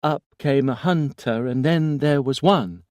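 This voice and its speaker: A man's voice: medium pitch, unhurried, darkish tone, no echo, studio quality, voice pushed up, natural voice. A man voicing a small boy who recites a nursery rhyme in a childlike sing-song, one line straight into the next. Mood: eerie sing-song. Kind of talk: audiobook character voice.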